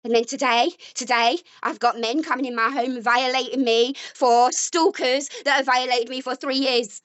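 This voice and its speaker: A woman's voice: high-pitched, fairly even intonation, moderate pace, fairly bright tone, no room sound, lo-fi sound. A woman arguing angrily at home, accusatory and sarcastic. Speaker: vlogger. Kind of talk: heated domestic argument.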